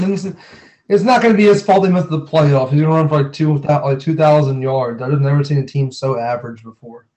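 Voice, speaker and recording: A young man chatting about football with a co-host, his voice sitting a bit high. He talks in an animated, slangy way and laughs often, like a relaxed podcast among friends. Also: fairly quick, low-quality recording. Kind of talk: casual sports chat.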